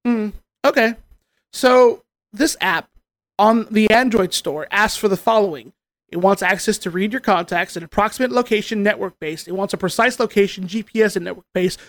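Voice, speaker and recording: A man's voice: sits high, normal speed, fairly bright tone, no room sound. A man hosting a casual podcast, venting with sarcasm and casual swearing. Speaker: podcast host.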